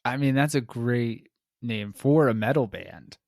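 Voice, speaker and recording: A man hosting a podcast, chatting casually with playful, quick jokes. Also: medium pitch, expressive, vocal fry, darkish tone, no echo, clean studio sound. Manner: joking, playful, quick riffs. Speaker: podcast host. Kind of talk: casual conversation.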